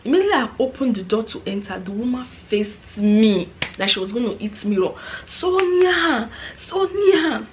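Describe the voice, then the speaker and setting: A woman's voice: mid-range voice, fairly quick, hardly any pauses, slight background noise. Chatty Nigerian woman telling a story. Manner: frank, chatty, animated retelling. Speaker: vlogger, former care assistant. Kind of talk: casual storytelling.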